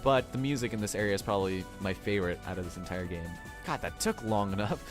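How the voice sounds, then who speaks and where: A young man with a lowish voice rambles through casual let's-play commentary, cracking jokes and laughing as he goes. Game music plays clearly behind him. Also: animated, fast talker, few pauses. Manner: rambling, chatty, laughs often, jokey. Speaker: gameplay commentator.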